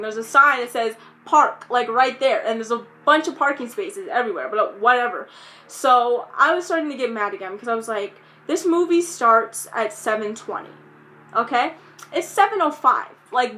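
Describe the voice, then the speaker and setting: A young woman telling a storytime vlog, recounting events in an animated, exasperated way and quoting herself often. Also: high voice. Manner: animated, exasperated retelling with quoted self-talk. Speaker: vlogger.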